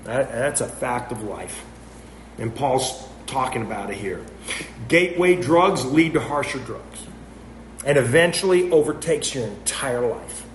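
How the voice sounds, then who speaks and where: A man preaching a sermon, earnest and emphatic, posing rhetorical questions and drawing sharp contrasts. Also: medium pitch, lively intonation, unhurried. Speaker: pastor. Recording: echoey room with faint noise.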